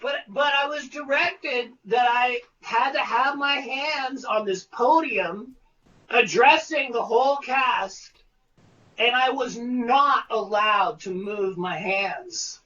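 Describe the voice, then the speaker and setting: A man, a guest, telling profane, animated stories in casual conversation over a video call. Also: extremely high pitch, takes it slowly, far from the mic, highs cut off. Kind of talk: casual storytelling.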